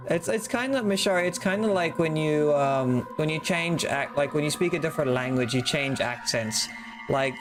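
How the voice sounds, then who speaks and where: A man's voice: a little high, animated, unhurried. Joking man streaming a game. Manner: casual, rambling, swears and jokes between read lines. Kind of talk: live-streamed game playthrough, reading dialogue aloud. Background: game music.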